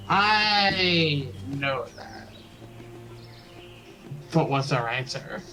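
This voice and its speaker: Let's play co-host, man, lively swooping pitch, hesitant and jokey, game music behind. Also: drawn-out words. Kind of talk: casual gameplay chat.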